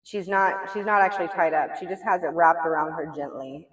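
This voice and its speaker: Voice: mid-range voice, fairly quick, few pauses, a bit bright, highs cut off. A tarot reader doing a casual reading in a blunt, chatty way, swearing now and then and filling the talk with "like" and "you know". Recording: echoey room, mic far off.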